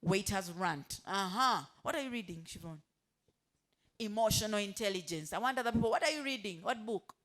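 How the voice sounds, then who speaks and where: A woman's voice: mid-range voice, lively intonation, fairly quick, fairly bright tone. Woman quizzing a staff audience. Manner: asks the room questions and has them finish her sentences. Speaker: motivational speaker. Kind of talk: staff training talk. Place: hotel staff meeting room.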